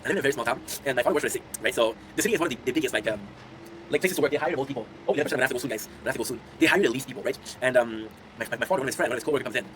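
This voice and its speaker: A content creator in his twenties streams to his chat, talking casually, telling rambling stories and laughing often. His mid-range voice races, with a crowd audible in the background on a low-quality recording.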